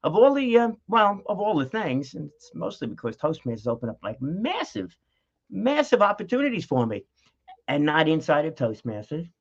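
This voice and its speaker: A middle-aged man with a slightly high, gravelly voice vlogs casually from home at normal speed, his pitch swinging widely. He rambles and chats with frequent fillers and laughter while a dog sits nearby, captured in dull lo-fi audio.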